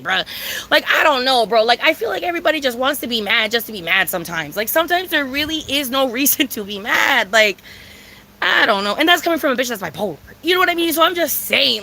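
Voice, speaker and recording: A woman's voice: high-pitched, big pitch swings, a little fast, vocal fry, pushed and bright, a little hiss or hum, low-quality recording. A young woman vlogger telling a rant in a casual storytime style, profane and exasperated, full of "like" and "bro". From San Diego, California.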